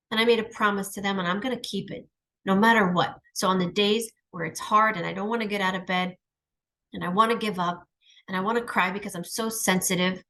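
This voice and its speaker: A woman's voice: mid-range voice, a bit bright. A middle-aged woman speaking in a heartfelt personal monologue, earnest and emphatic, reflecting on her own struggles. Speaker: channel host.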